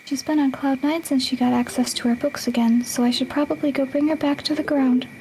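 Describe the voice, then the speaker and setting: A woman voicing a polite, gentle young witch classmate while reading game dialogue aloud, soft and often near a whisper. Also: high-pitched, fairly even intonation, brisk, slight background noise, voice pushed up, rough recording.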